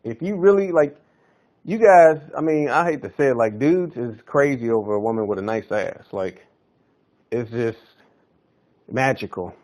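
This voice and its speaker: A man's voice: medium pitch, normal speed, long pauses, a little mellow. A man hosting a fitness podcast, talking in a loose, slangy, hyped-up coaching style. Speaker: podcast host. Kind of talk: casual fitness podcast monologue.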